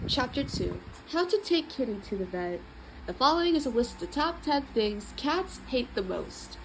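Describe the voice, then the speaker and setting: A woman reading a children's book aloud in an expressive, playful way. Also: fairly high pitch, normal speed, a little hiss or hum, low-quality recording. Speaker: storybook reader.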